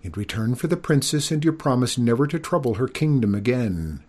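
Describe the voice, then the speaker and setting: A man voicing a polite, hapless young prince who pleads with courteous, pitched-up speech. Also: animated, brisk, a little mellow, close to an everyday voice. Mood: pleading.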